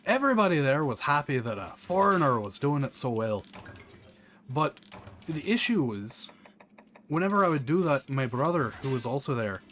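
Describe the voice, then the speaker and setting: A man from the American South with a Southern accent, casually chatting while playing a game, rambling through animated asides. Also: medium pitch, a little hiss or hum. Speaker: gameplay commentator. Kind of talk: casual gameplay chat.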